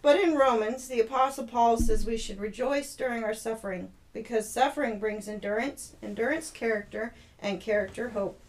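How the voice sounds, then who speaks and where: A woman's voice: a little high, normal speed, few pauses, close to an everyday voice, rough recording. A woman voicing a grown man, a marine officer, in a storybook reading, in her own voice with a dry, wry manner.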